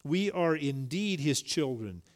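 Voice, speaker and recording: A man's voice: a little high, expressive, unhurried. A middle-aged male pastor preaching a sermon, telling a folksy story and rising emphatically on key points.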